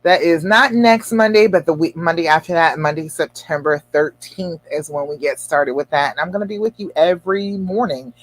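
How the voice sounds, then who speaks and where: A woman relationship coach talking casually to viewers on a livestream, telling a story in an animated, encouraging way. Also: low voice, normal speed, few pauses, dry recording. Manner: chatty storytelling, animated and expressive; encouraging, addresses viewers directly.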